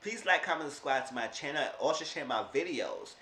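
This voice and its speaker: A man's voice: a little high, animated, fairly quick, bright, forceful tone. A man casually recapping a reality TV episode for his viewers, chatty and loose, talking to them as "y'all". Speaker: YouTube show reviewer. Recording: roomy echo, distant mic, faint noise.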